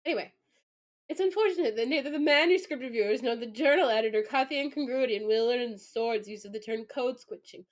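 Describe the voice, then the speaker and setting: A woman streamer reads an academic article aloud and comments on it casually and animatedly, often breaking into laughter and mock outrage. Her voice is fairly high and quick-paced, and her speech is full of "like" and "you know."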